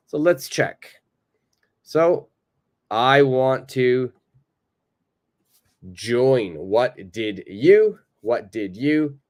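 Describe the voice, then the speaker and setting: Slow, patient North American male teacher. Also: mid-range voice. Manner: slow, patient, repeats phrases for learners to copy. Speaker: English teacher. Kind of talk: live online English lesson.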